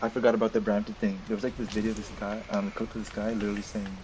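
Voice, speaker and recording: A young man chatting on a game stream, telling stories in an excitable, rambling way full of fillers. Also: fairly low pitch, rapid-fire. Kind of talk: casual chat during a game stream. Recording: noisy home stream audio.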